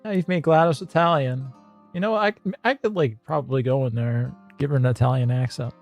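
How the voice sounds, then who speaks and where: A male streamer who reads an AI-generated story aloud on stream, chuckling and rambling in quick bursts. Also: mid-range voice, faint music behind.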